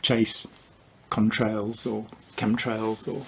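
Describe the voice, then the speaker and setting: A man's voice: on the low side, level tone, slow pace, a bit bright, a little hiss or hum. An older man, an author and commentator, explaining ideas in a casual conversational debunking with dry, wry jokes.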